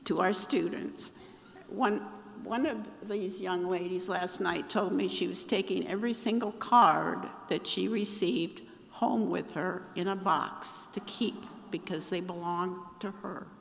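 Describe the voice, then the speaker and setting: An event organizer giving closing remarks in a hoarse voice that is giving out, pausing to cough. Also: medium pitch, a bit bright, slight background noise. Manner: slow and gravelly, pausing to cough. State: hoarse, losing voice. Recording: reverberant hall.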